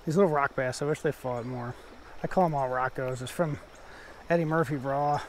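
A man vlogging while fishing a creek, talking softly and fondly to each fish he lands. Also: medium pitch, normal speed, a little hiss or hum. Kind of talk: casual outdoor fishing vlog. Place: outdoors at a shallow creek.

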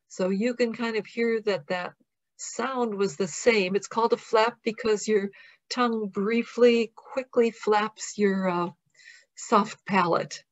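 A woman with an American accent, a professor giving a recorded academic lecture in a measured, explanatory way, reading out example words slowly. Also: mid-range voice, steady tone, highs cut off. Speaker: professor presenting.

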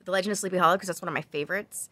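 Chatty woman, crafty host, rambling with lots of ums, rather low pitch, close dry mic. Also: rapid-fire, fairly bright tone, no echo. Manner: chatty, rambling with side tangents; frequent ums and self-corrections. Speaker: crochet vlogger. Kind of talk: casual chat.

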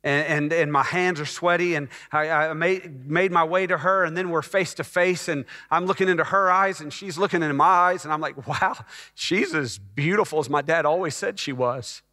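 Middle-aged guy from texas preaching his own story, bright voice, big church reverb. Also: a little high, normal speed. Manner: emotional personal testimony, rising to fervent peaks. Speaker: pastor. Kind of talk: sermon storytelling. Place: church sanctuary.

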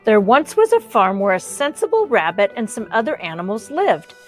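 A woman reading a picture book aloud to children, animated, with chatty asides and playful sound effects. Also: fairly high pitch, normal speed, faint music behind. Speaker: storybook reader.

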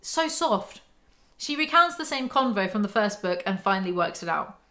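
Sarcastic woman, book recap host, bright edgy tone. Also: medium pitch, animated, fairly quick. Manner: sarcastic, mocking asides. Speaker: book commentary YouTuber. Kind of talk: casual snarky book recap.

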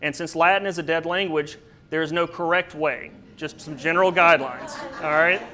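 A man's voice: a little high, normal speed, pushed and bright, a little hiss or hum. A man presenting a slide lecture on plant names, explaining patiently with occasional fillers and small asides. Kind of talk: slide-based botany lecture.

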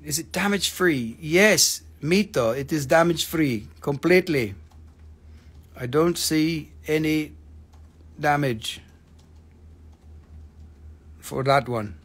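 Excitable high-voiced man selling rocks. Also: slow, long pauses, husky. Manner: excitable, joking, swearing, rambling. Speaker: host of a live crystal sales stream. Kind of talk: live sales patter.

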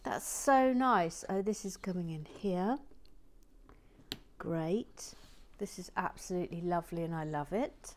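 A woman hosting a casual live stream as she builds, murmuring half-whispered asides to herself and brightening when she reads out to viewers. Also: medium pitch, expressive, unhurried, slight background noise. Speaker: host.

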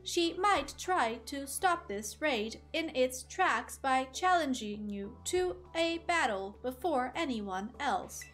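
A woman voicing a robotic synthetic female messenger while reading game dialogue aloud, speaking slowly and evenly with deliberate pauses. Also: high voice, animated, fairly bright tone, faint music behind, heavily acted. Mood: measured.

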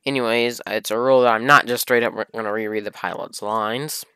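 A man's voice: on the low side, fairly even intonation, fairly quick, bright, forceful tone, clear, resonant tone, no echo. Exasperated man mocking a fan fiction. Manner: exasperated, sarcastic, swearing. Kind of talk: comedic fan fiction reading with commentary.

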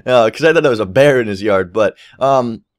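A man's voice: mid-range voice, brisk, dry recording. Young male gaming YouTuber, loose rambling storytelling, dry booth-like sound. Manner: rambling, swears freely, quotes people in animated voices. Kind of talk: casual storytelling over gameplay.

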